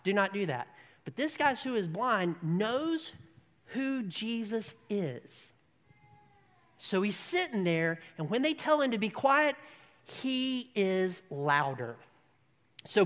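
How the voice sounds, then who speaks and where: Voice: mid-range voice, big pitch swings, slow, fairly bright tone, long reverb tail. A preacher giving a sermon as conversational storytelling, checking in with the listeners and acting out scenes.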